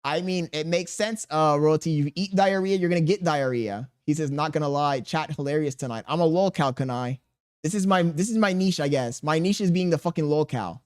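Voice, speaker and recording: A man's voice: fairly high pitch, brisk. A man in his thirties streaming live, reading viewers' chat aloud and answering with crude jokes and laughter. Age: 30s.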